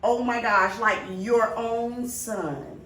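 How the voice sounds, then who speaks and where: A woman's voice: fairly high pitch, steady tone, takes it slowly, a bit bright. A woman co-hosting a podcast, telling a family story in casual chat and acting out the quoted lines. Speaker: podcast co-host. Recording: roomy, distant mic, faint noise.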